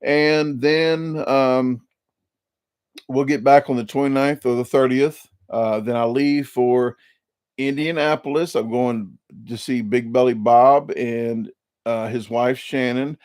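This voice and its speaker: A man's voice: mid-range voice, steady tone, takes it slowly, a little mellow, smooth, no room sound, clean studio sound. A man, hosting a casual live-stream chat and rambling with many restarts and repeated words. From Illinois. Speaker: YouTube channel host.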